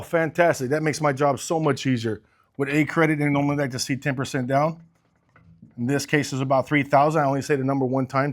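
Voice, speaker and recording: A middle-aged man coaching a group on sales, acting out customer talks in a blunt, animated way and swearing casually. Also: on the high side. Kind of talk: sales training talk with role-play.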